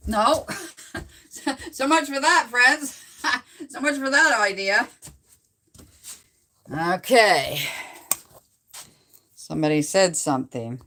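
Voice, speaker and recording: Middle-aged Canadian woman, phone livestream host, unhurried and bright, rambles with easy laughs. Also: on the high side, lively intonation. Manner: chatty, rambling, laughs often. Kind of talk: casual live chat with viewers. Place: at home.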